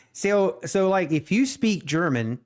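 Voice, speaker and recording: Male trading streamer, native Pennsylvania Dutch speaker, slightly high and smooth voice, unhurried and chatty. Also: sing-song. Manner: chatty, laughs easily, talks to viewers. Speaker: day trading livestreamer. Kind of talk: casual live-stream chat.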